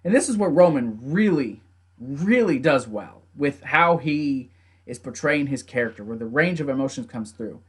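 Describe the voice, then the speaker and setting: A young man casually recapping a wrestling event, animated, laughing often and acting out the wrestlers' lines. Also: medium pitch, moderate pace, breathy edge. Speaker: wrestling show reviewer. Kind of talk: casual recap with acted quotes.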